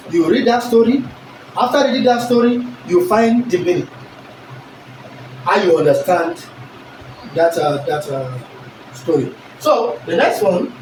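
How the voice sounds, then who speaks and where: A male teacher, giving an animated lesson and constantly checking that the class understands. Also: sits high, slight background noise. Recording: echoey room recorded from a distance.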